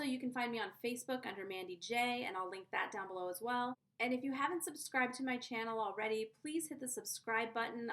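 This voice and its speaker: A woman's voice: fairly high pitch, fairly bright tone. A woman giving parenting advice in a casual vlog, chatty and earnest, often checking in with the viewer. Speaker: conscious parenting coach.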